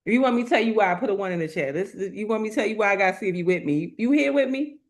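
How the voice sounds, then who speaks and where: A woman speaker preaching to an online live audience, slow and emphatic, repeating her phrases in colloquial talk and calling out to the chat. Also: medium pitch, expressive. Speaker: motivational speaker.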